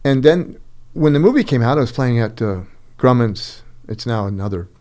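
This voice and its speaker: Middle-aged male host, animated storyteller, very lively pitch. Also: normal speed. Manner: animated storyteller, acts out quoted voices. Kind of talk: casual conversation.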